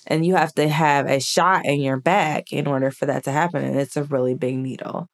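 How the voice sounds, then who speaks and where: A woman, a podcast guest, telling personal stories in a casual, chatty way, often filling pauses with "like.". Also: sits low, steady tone. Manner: chatty, frequent "like" fillers. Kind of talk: casual conversational storytelling.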